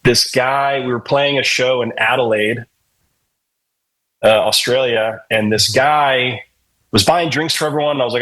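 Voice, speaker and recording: A man's voice: medium pitch, unhurried, fairly bright tone, low-quality recording. A middle-aged man, a hardcore singer, telling loose, profane, joking stories as a podcast guest. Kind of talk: casual storytelling interview.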